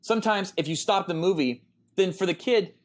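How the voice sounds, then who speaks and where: A man in his thirties with a fairly high voice chats on a podcast. He tells a long story in a loose, rambling way, full of ums and uhs. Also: fairly quick. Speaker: podcast co-host. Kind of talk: casual podcast chat.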